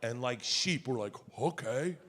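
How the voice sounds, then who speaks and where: A male stand-up comedian telling a story on stage, loud and profane, acting out his family's voices. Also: medium pitch, animated, a little slow. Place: large theater stage with audience laughter. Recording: live hall recording with ambient noise.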